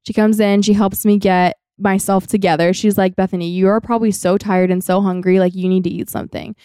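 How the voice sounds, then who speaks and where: In a relaxed podcast conversation, a young woman co-host shares a personal story, leaning heavily on "like" as filler. Her mid-range voice is dark and smooth, level in tone and a little fast, with clean studio audio and no echo.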